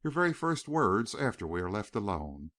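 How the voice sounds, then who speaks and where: A gentle young war veteran, earnest and a touch wry, as read by a male narrator. The low voice rises and falls freely. Recorded dry and close for an audiobook. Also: very animated, moderate pace, dry recording.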